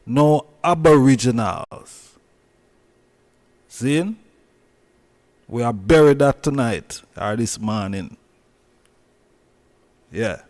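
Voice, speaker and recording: A man with a Jamaican accent hosting a casual commentary vlog, repeating himself and stressing his points. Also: mid-range voice. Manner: repetitive, emphatic, drawn-out phrasing. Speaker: channel host.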